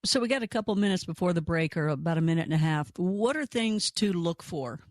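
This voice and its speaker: A woman hosting a radio talk show, telling stories in a lively, conversational way with pitch that jumps up when she stresses a point. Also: fairly quick, no echo, clean studio sound.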